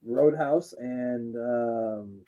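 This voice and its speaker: A man's voice: mid-range voice, very slow, highs cut off. A young man co-hosting a podcast, chatting casually and laughing a lot while watching wrestling. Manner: laughing, joking, animated with crude impressions. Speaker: podcast co-host.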